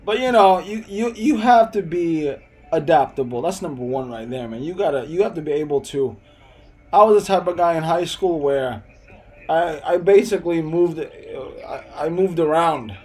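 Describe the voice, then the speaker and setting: A man's voice: fairly high pitch, moderate pace, a little mellow, low-quality recording. Laid-back young man. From Hempstead, New York. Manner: loose, rambling, laughs often, answers chat. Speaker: live streamer. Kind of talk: casual live-stream chat.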